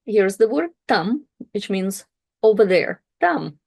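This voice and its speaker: A woman teaching a language lesson, carefully slowing down to pronounce each example word. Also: medium pitch, big pitch swings, creaky, a little mellow, husky, no echo. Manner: careful, slowed pronunciation of example words.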